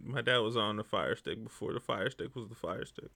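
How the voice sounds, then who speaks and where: A man's voice: fairly low pitch, a little fast, creaky, sharp tone. A man co-hosting a podcast, teasing in a laid-back, casual way. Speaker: podcast co-host.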